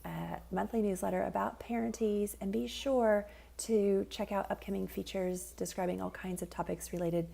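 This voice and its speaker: A woman parent coach calmly explaining a tip in an unscripted way, with frequent fillers. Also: mid-range voice, normal speed, creaky, few pauses. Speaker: parent coach and child sleep expert. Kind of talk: informal educational video tip.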